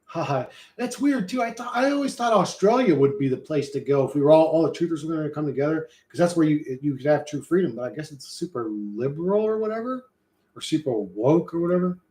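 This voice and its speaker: A man's voice: on the high side, lively intonation, brisk, a little mellow, reverberant. A man with an American accent streaming casually, rambling and swearing while he reads chat. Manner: profane, rambling, loose and joking. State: hot and sweating.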